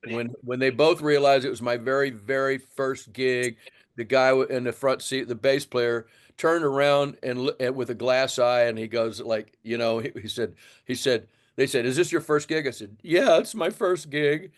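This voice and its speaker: An older man from Texas, a drummer, telling an animated story in an interview and acting out the voices of others. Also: medium pitch, moderate pace. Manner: animated storyteller, acts out voices, laughs often. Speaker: guest drummer.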